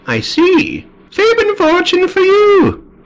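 A man voicing a mysterious male vampire with a drawn-out, theatrical manner in a game. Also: extremely high pitch, huge pitch swings, slight background noise, voice pushed up, full character voice.

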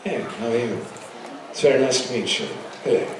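Man putting on a posh older English gent, received pronunciation, clipped and plummy, soft and far off in an echoey hall. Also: medium pitch, a little fast, pitched below the performer's own voice, lightly acted. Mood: genteel. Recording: echoey hall, far-off mic, crowd noise.

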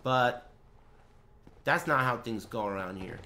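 A young man streams a game live and keeps up a profane running commentary. He mock-rants at his chat and breaks into bursts of yelling. His voice is very forceful and edged, and his pitch swings widely. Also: lively intonation, a little slow, a little hiss or hum.

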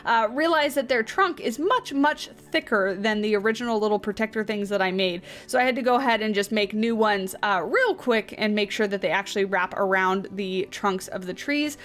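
A woman's voice: medium pitch, normal speed, hardly any pauses, a bit bright. A woman hosting a let's play, chatting casually as she builds in a zoo game and reacts aloud to what happens on screen. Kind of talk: casual gameplay commentary.

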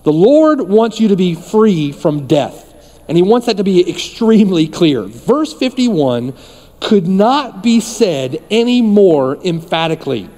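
A man's voice: high voice, sing-song, a little slow, dark tone. Emphatic preaching man in a reverberant hall. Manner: emphatic preaching with repeated phrases. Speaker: pastor. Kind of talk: sermon. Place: church.

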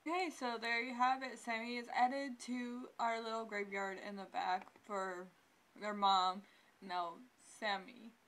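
A woman's voice: fairly high pitch, level tone, unhurried, a bit bright. Chatty young woman narrating gameplay. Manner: chatty, exclaims often at the game. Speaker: gameplay commentator. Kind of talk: casual let's-play commentary.

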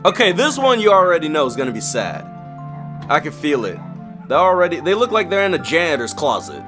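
Male YouTube host, high and animated, cracking jokes and exclaiming through a reaction video. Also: a little fast, soft background music. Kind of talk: reaction commentary.

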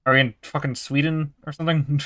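A man's voice: fairly high pitch, level tone, brisk, pushed and bright, dry recording. A young man giving casual, swearing let's-play commentary while he plays a game. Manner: chatty, swears casually, talks to himself. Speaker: gaming video creator.

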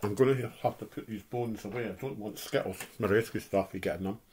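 A man's voice: lowish voice, fairly quick, noisy background. A man casually reviewing food on his vlog, chatting while he eats with his mouth full.

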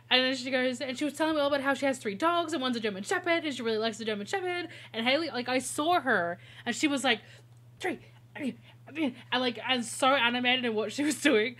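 A woman with a high, somewhat bright voice streams a video game, speaking fairly quickly. She chats casually with her viewers, spinning stories and laughing frequently.

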